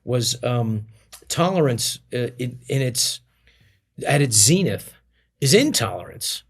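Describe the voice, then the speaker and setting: Middle-aged man, interview guest, average pitch, loose rambling delivery with many false starts. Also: sing-song, slow, breathy edge. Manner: rambling, many restarts and fillers. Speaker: comedian guest. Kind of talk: casual interview storytelling.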